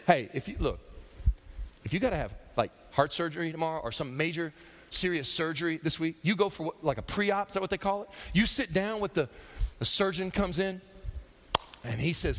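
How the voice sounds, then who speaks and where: Preacher guy telling stories in the sermon, kinda high voice, big echoey church. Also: brisk. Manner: animated storytelling, acting out voices. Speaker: pastor.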